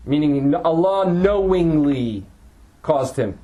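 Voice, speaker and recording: A man's voice: high voice, takes it slowly, darkish tone, rough recording. A man teaching a class, reading passages aloud and then translating and explaining them phrase by phrase, with frequent restarts. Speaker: teacher explaining a religious text. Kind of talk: classroom lecture.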